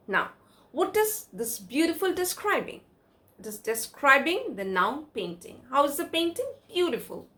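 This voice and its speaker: A woman's voice: sits high, sing-song, moderate pace, sharp tone. A woman with an Indian English accent teaching a grammar lesson, asking questions and answering them herself.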